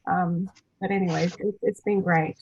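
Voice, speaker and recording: This energy healer, a woman in her thirties, hosts a relaxed group call, talking chattily with frequent fillers and false starts and voicing quoted speech with bright flair. Her pitch sits fairly low, her tone is steady and slightly rough, and her pace is moderate. The sound is lo-fi.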